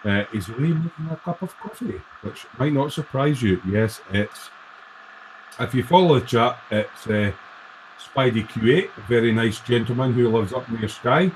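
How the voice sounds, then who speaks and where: Male host, chatty and rambling, laptop-mic live stream from his workbench, mid-pitched. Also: moderate pace, a little hiss or hum. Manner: rambling, friendly, many fillers. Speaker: livestream host, hobby model maker. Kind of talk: casual live-stream chat. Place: home workshop at his bench. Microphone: laptop built-in mic.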